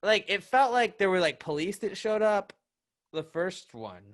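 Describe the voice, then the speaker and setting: A young man co-hosting a podcast, rambling in a relaxed way and swearing casually. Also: high-pitched, measured pace. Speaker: podcast co-host. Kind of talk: casual chat.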